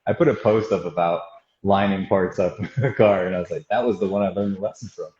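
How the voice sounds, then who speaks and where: A man's voice: sits low, quick pace, a little mellow. A man, a guest auto body technician, telling stories from the shop in a casual, rambling way and laughing often. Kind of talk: casual storytelling chat. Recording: roomy, dull lo-fi sound.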